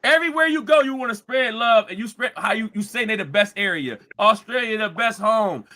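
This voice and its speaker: A man hosting a live-streamed talk show, ranting heatedly and mockingly, repeating himself and often breaking into shouts. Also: high voice, lively intonation, brisk. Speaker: show host. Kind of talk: live-streamed commentary rant.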